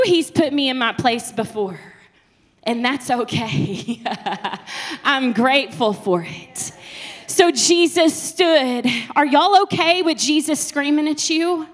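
A woman, preaching a passionate sermon that swings between soft and loud. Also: high-pitched, animated, slow.

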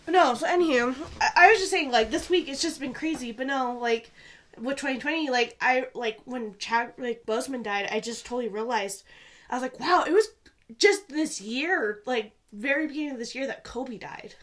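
A young woman co-hosting a podcast in casual chat, rambling with lots of "like" and swinging between excited bursts and quiet asides. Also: high voice, normal speed. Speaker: podcast co-host.

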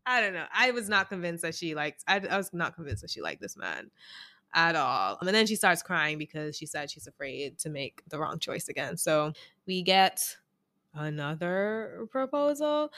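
A woman's voice: fairly low pitch, fairly bright tone. A woman co-hosting a podcast, recapping a reality show in casual chat, laughing often and swearing freely. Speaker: podcast co-host.

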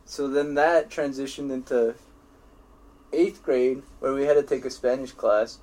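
A man's voice: mid-range voice, fairly even intonation, unhurried, a little mellow. A young man co-hosting a casual podcast, telling school stories in a rambling way, with many restarts and swearing, and laughing at his own tales. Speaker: podcast co-host. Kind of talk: casual chat.

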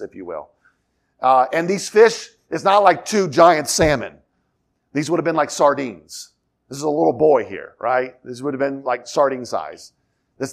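Lively expository preaching pastor, man. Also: fairly high pitch. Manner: expository preacher, reads scripture aloud and acts out dialogue in asides; conversational, rhetorical questions. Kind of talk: sermon.

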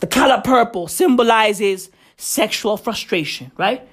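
A woman ranting loudly in a vlog. She swears constantly, and her voice is hoarse and cracking from shouting. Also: medium pitch, lively intonation, takes it slowly, long pauses. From South Africa. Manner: loud, shouty, swearing heavily. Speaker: vlogger. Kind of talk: profane vlog rant.

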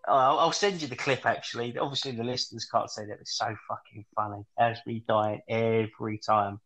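A man from England co-hosting a podcast, telling crude stories in an animated way, swearing and laughing at his own jokes. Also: medium pitch, fairly quick, low-quality recording. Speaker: podcast co-host. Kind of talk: crude comedic casual chat.

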